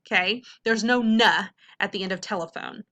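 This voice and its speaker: A woman reading teacher giving an upbeat video lesson to middle schoolers, often checking in with "okay?" and slowing down to sound out words. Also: mid-range voice, sharp tone. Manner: slows to sound out words carefully.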